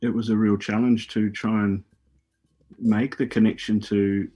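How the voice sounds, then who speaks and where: A former Olympic hurdler, a middle-aged Australian, guests on a radio show and spins rambling, casually profane stories full of repeated words. He speaks unhurriedly in a dark, fairly low voice with little pitch movement.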